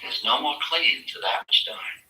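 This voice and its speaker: A man giving a spiritual talk at a workshop, telling his story in a lively way and acting out the voices in it. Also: medium pitch, normal speed, reverberant, far from the mic, poor audio. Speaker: spiritual teacher.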